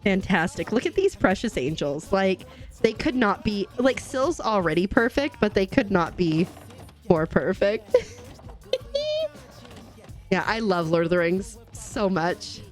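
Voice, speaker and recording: A woman's voice: mid-range voice, animated, a little slow, pauses often, soft background music. Bubbly giggly woman streamer. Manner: bubbly, giggly, greets chat viewers warmly. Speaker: game streamer. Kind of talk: casual live-stream chat.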